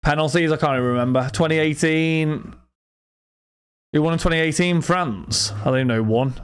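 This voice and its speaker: A young man with a smooth, rather high voice talks fairly quickly as he opens cards on his live stream. He's a card break streamer, rambling casually with his chat and chatting with friends.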